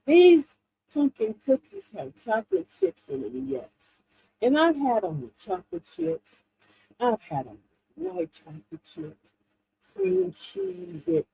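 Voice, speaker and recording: Animated high-voiced woman chatting. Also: vocal fry, dry recording, rough recording. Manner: animated, laughing, chatty storytelling. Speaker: livestream host. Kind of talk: casual chat. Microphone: livestream mic.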